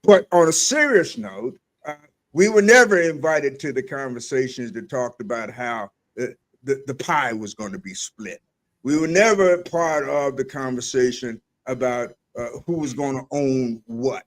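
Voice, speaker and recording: A man's voice: mid-range voice, a little slow. An older man from the Eastern Shore hosting a casual discussion, hesitant and often restarting his sentences.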